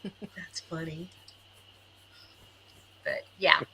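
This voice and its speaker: A woman's voice: low-pitched, steady tone, extremely slow, gravelly, sharp tone, breathy edge, poor audio. A chatty woman with a Southern American accent, co-hosting a live podcast and reading viewer comments aloud. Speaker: podcast co-host. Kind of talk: casual chat on a live stream.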